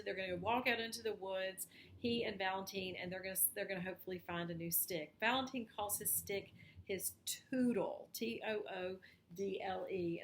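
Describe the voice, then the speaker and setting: A woman's voice: mid-range voice, a bit bright, reverberant, a little hiss or hum. A woman hosting a book show, reading a graphic novel aloud and explaining the panels.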